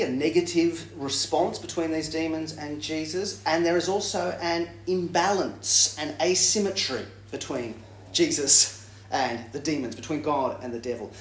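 Lively man teaching, echoey room. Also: a little hiss or hum. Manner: lively, acts out quotes with jumps in pitch. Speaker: preacher. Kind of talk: Bible teaching talk.

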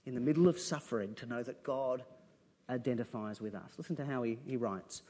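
A man's voice: medium pitch, fairly quick, mellow. A man preaching a sermon, earnest and conversational, breaking from dramatic readings into plain asides to his listeners.

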